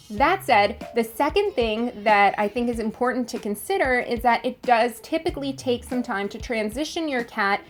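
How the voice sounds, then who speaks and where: A woman hosting her own vlog, explaining cat care in a friendly, direct way straight to the camera. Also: on the high side. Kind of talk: casual talk to camera.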